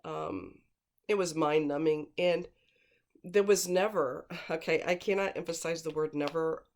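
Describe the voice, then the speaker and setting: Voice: medium pitch, a little slow. Blunt, emphatic true-crime commentator. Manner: emphatic, repeats words for stress; rambling, with digressions and fillers. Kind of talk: casual spoken commentary.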